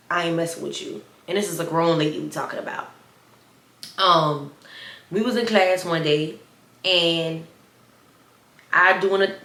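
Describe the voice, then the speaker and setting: A woman's voice: on the low side, reverberant. Chatty young woman with a slight lisp. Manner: animated, chatty, addresses viewers as y'all. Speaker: storyteller vlogger. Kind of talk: casual storytime.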